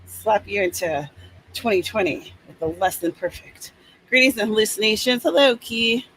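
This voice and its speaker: A woman's voice: medium pitch, moderate pace, a bit bright, a little hiss or hum, poor audio. A woman hosting a live writing stream, chatting casually and reading out viewers' comments. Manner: chatty, reads out comments, playful asides.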